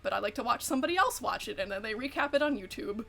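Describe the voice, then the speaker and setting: A woman's voice: a little high, lively intonation, rapid-fire, gravelly, a bit bright. A woman streaming a game and chatting casually with her viewers, swearing freely and laughing often. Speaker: VTuber streamer. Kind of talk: casual livestream chat while gaming.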